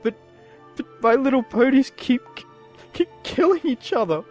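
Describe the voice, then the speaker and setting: A man's voice: mid-range voice, big pitch swings, measured pace, soft background music, voice pushed up. A man voicing a tall female pony princess who is drunk and wailing through her tears. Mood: drunken sobbing. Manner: wailing, weepy and self-pitying.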